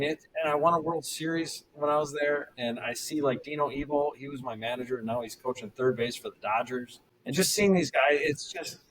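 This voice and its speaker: A middle-aged man, a former pro pitcher, telling stories casually as a podcast guest and acting out the people he quotes. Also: a little hiss or hum, poor audio. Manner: animated, acts out quoted voices. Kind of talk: casual storytelling.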